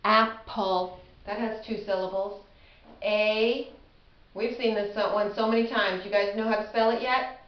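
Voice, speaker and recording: A middle-aged woman teaching a casual spelling lesson, chatty and self-deprecating, sounding words out slowly. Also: mid-range voice, fairly even intonation. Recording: echoey room, slightly dull audio.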